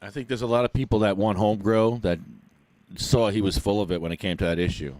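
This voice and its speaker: A man's voice: lowish voice, steady tone, a little fast, a little mellow, no room sound. A man with a New Jersey accent co-hosting a podcast, asking a caller loose, friendly, rambling questions. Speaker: podcast co-host. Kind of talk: casual interview chat.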